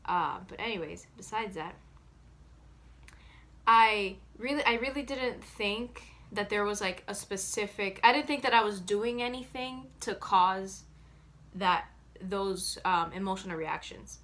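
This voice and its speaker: Earnest young woman with a bright voice. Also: medium pitch, a little slow. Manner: earnest and reflective, with frequent fillers and restarts. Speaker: self-help vlogger. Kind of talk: casual talk to camera.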